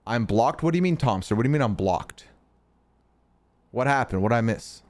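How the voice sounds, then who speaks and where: A man's voice: medium pitch, animated, brisk, a little mellow. A young man from Canada, hosting a live stream in casual chat, answering his chat and teasing trolls with some swearing. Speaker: streamer host.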